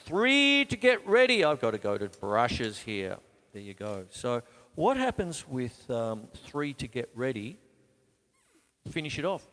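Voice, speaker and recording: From his home studio with a drum kit, an Australian drum teacher and show host leads a live lesson, his voice sounding like it's in a large hall. His mid-range voice is a little slow with lively intonation, and he's chatty and self-mocking, counting the beats aloud between explanations.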